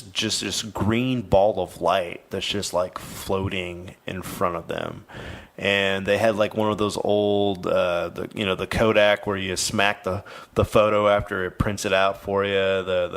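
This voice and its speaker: A man with a very low, deep voice retells a haunting on a podcast. He talks loosely, stumbling over fillers and restarts, and swears casually as he goes. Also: fairly bright tone. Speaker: podcast host. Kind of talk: casual storytelling podcast chat.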